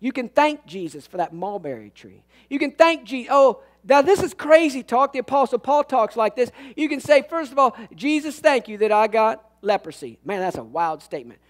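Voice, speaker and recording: Man, pastor, sermon, very high voice, animated, folksy humor, loud-to-hushed swings. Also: moderate pace, hardly any pauses.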